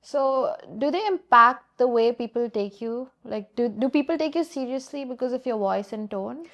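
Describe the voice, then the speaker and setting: A woman hosting an interview podcast who asks brief, soft-spoken questions, filling them with "like.". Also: a little high, normal speed, highs cut off. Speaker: podcast host.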